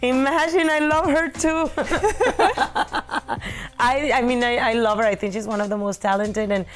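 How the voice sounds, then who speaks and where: Halting woman with faint music behind. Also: on the high side, steady tone. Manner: warm, halting praise with stammered restarts. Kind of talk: interview answer.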